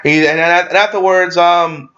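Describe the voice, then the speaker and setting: A man's voice: sits high, steady tone, moderate pace, fairly bright tone. A man giving a casual movie review, rambling and swearing, with lots of fillers and restarts. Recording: dull lo-fi recording.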